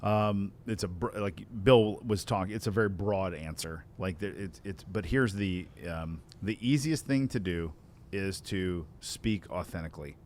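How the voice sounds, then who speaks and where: A man's voice: low voice, measured pace, darkish tone, a little hiss or hum. A middle-aged man co-hosting a conversational podcast as a sales consultant, joking, laughing easily and giving blunt advice.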